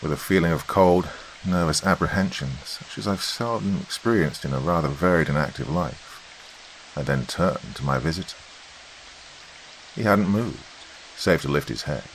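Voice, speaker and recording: A man reading a sci-fi horror story aloud as podcast host, with measured, expressive narration. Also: very deep voice, a little hiss or hum, low-quality recording.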